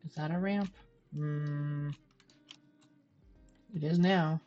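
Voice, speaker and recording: Low-voiced chatty woman streamer. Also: fairly even intonation, extremely slow, highs cut off, faint music behind. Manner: chatty, thinking aloud, talking to chat. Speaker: game streamer. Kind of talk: live gameplay commentary.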